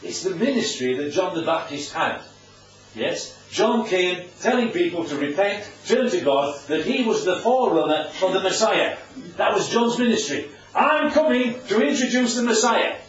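A man's voice: sits high, animated, normal speed. A man teaching a Bible story to a group, chatty and often asking his listeners questions. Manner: chatty, asks the audience questions. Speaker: preacher. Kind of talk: informal Bible teaching with slides. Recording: distant, echoey, dull room recording.

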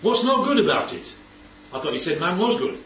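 Lively man leading Bible study. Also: sits high, brisk, slight background noise. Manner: animated, asks for agreement often. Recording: roomy, distant, dull recording with faint background ambience.

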